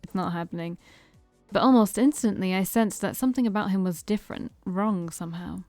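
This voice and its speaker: A woman's voice: mid-range voice, fairly quick, darkish tone, no echo, faint music behind. A woman playing a visual novel on stream, reading its narration aloud and breaking off to joke and laugh at it. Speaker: game streamer.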